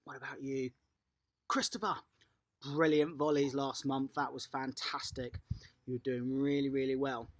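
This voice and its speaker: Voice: mid-range voice, level tone, moderate pace. An upbeat adult tennis coach, running an online class for small children and cheering them on by name.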